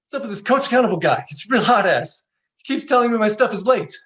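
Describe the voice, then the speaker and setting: A man's voice: high voice, lively intonation, very fast, voice pushed up. A man voicing a brash young male client who is griping about being nagged.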